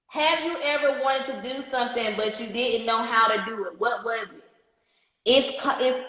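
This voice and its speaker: A marketing coach teaches a business class on a live stream, speaking emphatically, repeating her key points, and checking in with her audience. Her voice is on the high side and a bit bright. The stream audio sounds echoey and dull.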